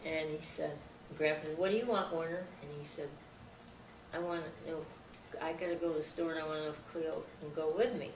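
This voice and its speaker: A woman's voice: sits low, fairly quick, far from the mic. Older woman telling a story on a noisy, roomy tape. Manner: animated storyteller acting out quoted voices. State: frog in her throat, coughing. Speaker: interview guest. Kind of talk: storytelling, recalling childhood.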